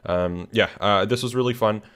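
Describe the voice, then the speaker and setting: A man's voice: on the low side, normal speed, fairly bright tone, clean tone. A young man hosting a casual recap of his channel, tired and yawning, rambling with lots of fillers and restarts. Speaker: channel host. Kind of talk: casual screen-share recap.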